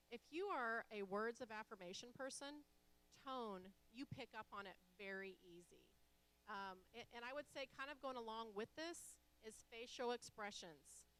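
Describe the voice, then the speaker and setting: A woman with a fairly high voice leads a church marriage class. She explains each point earnestly and gives everyday examples. A faint hum runs underneath. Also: a bit bright, low-quality recording. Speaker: class teacher.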